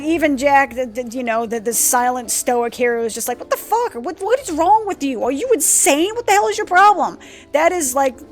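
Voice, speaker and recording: Gravelly, excitable woman gamer. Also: on the high side. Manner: rambling, excitable and profane. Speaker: gaming streamer. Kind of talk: casual let's-play commentary.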